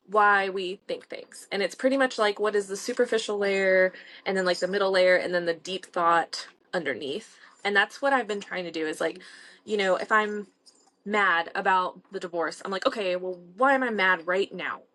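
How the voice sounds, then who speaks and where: A woman's voice: medium pitch, pushed and bright. Chatty woman in her thirties. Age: 30s. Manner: chatty, laughing often, speaking in quoted inner dialogue. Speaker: author and podcast guest. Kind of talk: casual remote interview.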